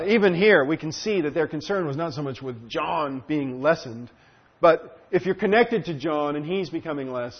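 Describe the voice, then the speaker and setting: A man teaching through a Bible passage in an earnest, explanatory way, often pausing with fillers and restarting his sentences. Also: a little high, slightly rough. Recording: dull lo-fi recording.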